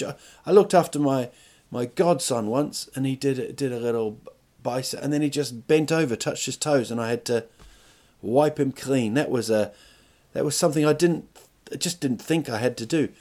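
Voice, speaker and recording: Talking solo on his podcast, a man rambles jokingly with plenty of swearing, his comedic monologue repeatedly breaking off and starting over. He has a mid-range, darkish voice and a moderate pace.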